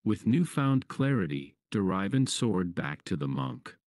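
A man with a very low voice narrates a fable in a calm, measured way. His delivery moves widely up and down, and the recording is close and dry. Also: no echo. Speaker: storyteller. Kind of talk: scripted story narration.

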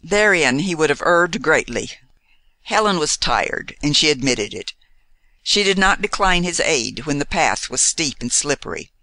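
Bright, animated male storyteller. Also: a little high, unhurried, no room sound. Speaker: narrator. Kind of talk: scripted audiobook narration.

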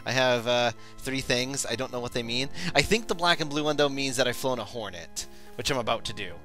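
A man's voice: medium pitch, brisk, fairly bright tone, faint music behind, rough recording. A man giving rambling, self-deprecating commentary while playing a video game. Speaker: let's play commentator. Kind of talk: gameplay commentary.

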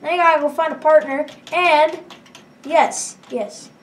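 A woman talking through her gameplay in a casual, chatty way, her voice fairly high. She sounds a little far from the mic, and her remarks often trail off into mumbles. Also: steady tone, measured pace. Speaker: let's play gamer.

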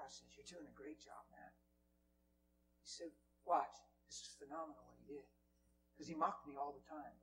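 A man preaching in a church, telling a story with animated swings from loud bursts to near whispers. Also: a little high, slight background noise, poor audio. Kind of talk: storytelling sermon. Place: church hall.

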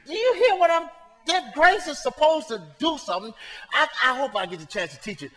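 A male pastor preaching a sermon to his congregation, swinging between soft asides and shouted points, talking to them in a casual, colloquial way. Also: very high-pitched, expressive, brisk, long reverb tail, soft background music. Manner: colloquial, talks straight to the congregation. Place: church sanctuary.

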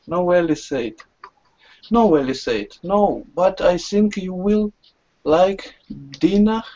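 A woman's voice: lowish voice, animated, warm tone. A woman student reading a story aloud in an online class, stumbling, correcting herself and laughing. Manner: slow halting reading with self-corrections and laughs. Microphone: video call. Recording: dull lo-fi online call audio.

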